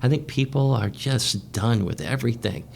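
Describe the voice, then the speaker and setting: A man hosting a radio show, asking a guest questions in a calm, conversational way. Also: mid-range voice, normal speed, gravelly, a little hiss or hum. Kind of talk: interview questions.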